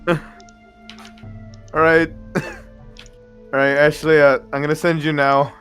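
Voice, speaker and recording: A man playing a tabletop game who hesitates and fills pauses often. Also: a little high, little pitch movement, a bit bright, soft background music. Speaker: player.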